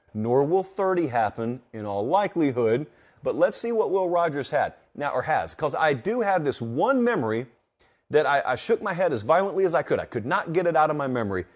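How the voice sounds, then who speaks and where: Guy hosting a live football show, gets loud and worked up over stats, pitch jumps all over. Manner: animated, emphatic, repeats stats for effect. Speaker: college football show host. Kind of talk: live show sports analysis.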